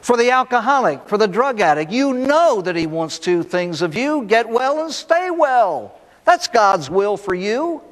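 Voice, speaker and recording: A man's voice: high voice, big pitch swings, unhurried. A man, a priest, giving a recovery talk to an audience, telling folksy stories and asking rhetorical questions. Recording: echoey hall recording.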